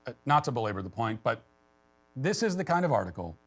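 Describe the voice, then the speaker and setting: A man giving sarcastic, deliberate political commentary, reading an article aloud. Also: medium pitch, big pitch swings. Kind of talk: scripted commentary.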